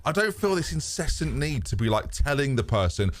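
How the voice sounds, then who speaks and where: This British streamer's mid-range voice is sing-song and fairly quick as he rambles through casual chat with his viewers. He swears freely and laughs often, and there's no room sound in the recording.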